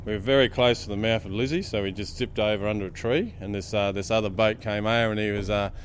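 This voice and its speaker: A man's voice: on the low side, fairly even intonation, quick pace, a little hiss or hum. A man in his fifties from Darwin with an Australian accent, casually telling a story and laughing often. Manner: laid-back yarn-spinner, laughs often. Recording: music playing underneath. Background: music.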